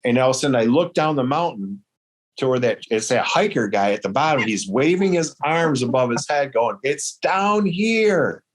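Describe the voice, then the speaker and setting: A man from Michigan, telling a hunting story in casual chat, acting out the dialogue with lively quotes. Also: medium pitch, a little fast, a little hiss or hum. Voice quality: hard of hearing in one ear. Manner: animated, quotes dialogue in raised voice. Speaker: guest storyteller.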